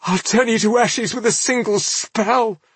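A man voicing a proud, defiant young woman apprentice of magic in an audiobook, pushing his voice high and tense to play her. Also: a little slow, husky, dry recording.

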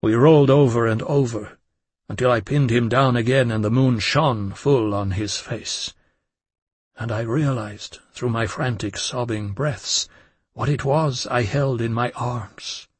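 Husky man narrating a dark tale. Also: mid-range voice, dry recording. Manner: measured, intense first-person storytelling. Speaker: audiobook narrator. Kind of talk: dramatic audiobook narration.

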